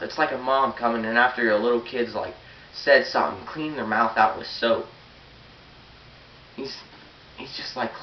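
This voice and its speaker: A man's voice: medium pitch, moderate pace. A teenage boy giving an earnest, blunt sermon and reading scripture aloud. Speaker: youth preacher. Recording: roomy, dull, hissy, far from the mic.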